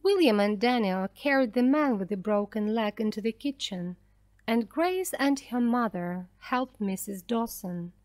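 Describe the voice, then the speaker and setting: A woman narrating a graded reader story slowly and clearly for language learners. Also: fairly high pitch, animated, a little mellow, dry recording. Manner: slow, clear, carefully paced for learners.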